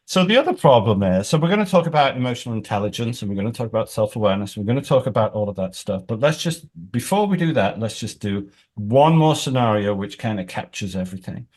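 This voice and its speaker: Animated man explaining with scenarios. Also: fairly low pitch, fast, hardly any pauses. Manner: animated storyteller. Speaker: executive coach.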